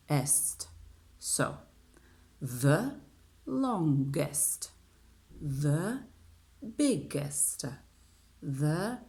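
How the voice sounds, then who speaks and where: Italian woman, English teacher, low voice, sing-song delivery, repeats drills and asks okay. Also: creaky. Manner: drills aloud with lots of repetition and "okay?". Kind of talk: online English lesson.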